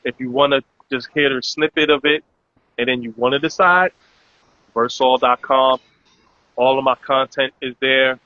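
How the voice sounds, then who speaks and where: New man hosting live chat, bright forward voice, dry close sound, rambly hype with fillers, lo-fi. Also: mid-range voice, steady tone, normal speed, dry recording. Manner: loose, promotional, many "um" fillers. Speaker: host. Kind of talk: casual live-stream chat. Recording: dull lo-fi audio.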